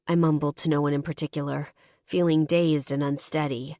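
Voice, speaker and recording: A woman narrating a first-person audiobook in a steady, measured reading voice. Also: sits low, dry recording, studio quality.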